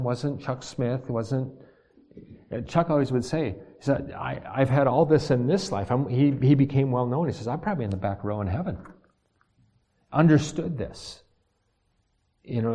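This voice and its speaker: A man's voice: medium pitch, dark tone. A man preaching a sermon as pastor, often stumbling and repeating words as he reads scripture aloud.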